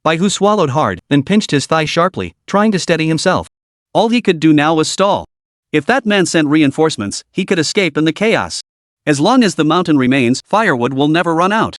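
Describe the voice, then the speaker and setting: A man narrating a comic recap in a steady, dramatic storytelling manner. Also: fairly high pitch, normal speed, dry recording, clean studio sound.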